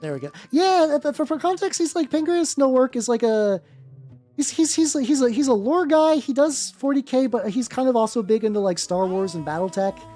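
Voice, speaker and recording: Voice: sits high, expressive, a little fast, dark tone, faint music behind. A miniature-painting streamer chatting casually with viewers while working, rambling with many restarts, swearing offhandedly and greeting chat by name.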